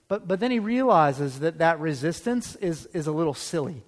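A man preaching a sermon as pastor in a church, talking conversationally and checking in with the congregation through quick rhetorical questions. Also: high-pitched, animated. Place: church sanctuary. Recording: long hall reverb.

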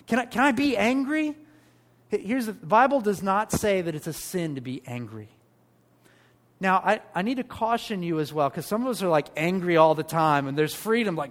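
A man preaching a sermon as pastor, animated, with rhetorical questions and emphatic pauses. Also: high-pitched.

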